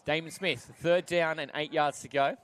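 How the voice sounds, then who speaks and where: A man with an Australian accent calling a game as an excitable play-by-play commentator who climbs to shouts on the big plays. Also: on the high side, normal speed, clean tone.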